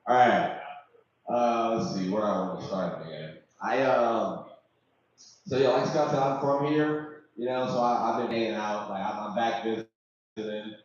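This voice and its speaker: Low-voiced rambling comic. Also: male voice, fairly even intonation, a little slow, distant mic. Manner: casual, rambling, filler-heavy. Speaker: comedian. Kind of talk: stand-up comedy set. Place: comedy club open mic. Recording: echoey room from afar, dull lo-fi.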